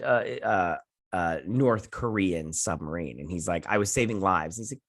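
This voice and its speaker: A man's voice: on the low side, lively intonation, a bit bright, no echo, clean studio sound. Rambling man recapping a show. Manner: rambling, acts out characters' lines in quick quotes; swears casually. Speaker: host. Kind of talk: casual recap and review.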